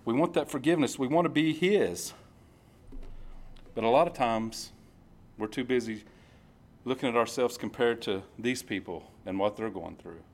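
A male preacher talks through a sermon in a plain, mid-pitched voice. He slows down to read scripture and loops back on his phrases as he explains. The delivery is informal and earnest. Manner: conversational, repeats phrases, reads scripture slowly. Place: church service.

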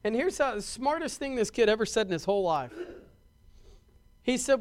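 A man's voice: sits high, lively intonation, moderate pace, long pauses. A man preaching a sermon to his congregation in a conversational way, often restarting and repeating words and asking the congregation questions. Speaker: pastor.

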